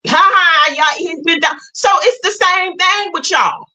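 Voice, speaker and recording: A woman with a high, sharp voice talks straight to her livestream viewers. She is emphatic and blunt, with a preachy edge as she lays out her spiritual views. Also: unhurried, low-quality recording. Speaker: livestream host. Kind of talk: impassioned spiritual talk to viewers.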